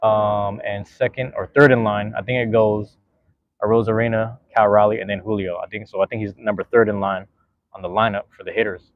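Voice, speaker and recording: A man's voice: fairly low pitch, level tone, a little fast, no echo, phone-quality sound. A man hosting a podcast in a casual, rambling way, full of slang. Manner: slangy, rambling, laid-back. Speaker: podcast host.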